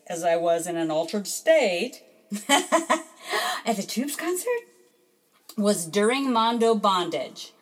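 A woman's voice: mid-range voice, rough recording. A woman hosting a podcast, reading listener messages and telling stories in a chatty, self-deprecating way with frequent laughter. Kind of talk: casual chat.

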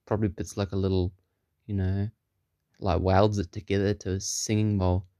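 A man's voice: low voice, flat delivery, normal speed, mellow, no echo. A man casually improvising a silly story for his podcast, rambling with many fillers and chuckling at his own jokes.

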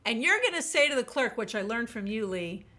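A woman with a bright, clear voice and a fairly high pitch talks as a podcast guest. She tells her stories with animation and acts out her own past thoughts. Her delivery is expressive and lively. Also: brisk. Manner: animated storyteller, quotes herself vividly. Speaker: guest, burnout author. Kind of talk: podcast interview, storytelling.

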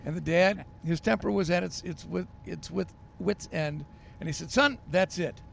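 A pastor spinning stories for a podcast, animated and full of little ums and uhs. His voice sits a bit high for a man and carries a gravelly fry. A faint hiss runs under it. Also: moderate pace. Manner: animated storyteller with many fillers. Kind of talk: storytelling on a podcast.

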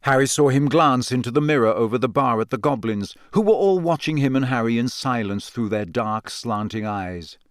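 A man narrating a storybook in a lively, expressive way on a close studio mic. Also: mid-range voice, normal speed, few pauses, dry recording. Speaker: audiobook narrator.

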